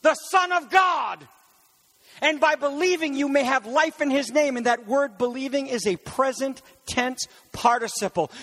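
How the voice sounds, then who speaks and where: A man preaching a sermon in an animated way, rising to shouts on key words and making quick asides to his congregation. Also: extremely high pitch. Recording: long hall reverb.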